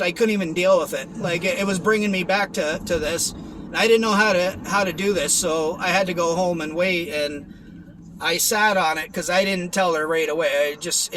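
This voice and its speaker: Bright, high-voiced man telling a testimony. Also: slight background noise, poor audio. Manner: rambling, earnest, full of restarts and fillers. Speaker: testimony vlogger. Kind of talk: personal testimony monologue.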